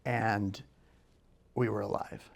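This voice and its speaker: A young man telling a personal story, moving from hushed and quiet to loud and excited. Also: lowish voice, slow pace, creaky. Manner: quiet and hushed in places, then loud and excited, acting out shouts.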